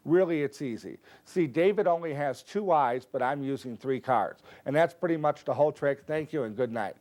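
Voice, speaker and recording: A man teaching a card trick, calmly explaining each move step by step and acting out his stage patter. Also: a little high, a little fast, few pauses. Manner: relaxed, explanatory, steps through moves one by one. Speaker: magic teacher. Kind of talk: instructional explanation with performed patter.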